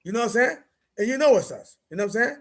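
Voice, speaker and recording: Man, high voice, gravelly, husky, casual livestream talk, emphatic and repetitive. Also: animated, racing. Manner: repetitive, emphatic, conversational with slang. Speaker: streamer host.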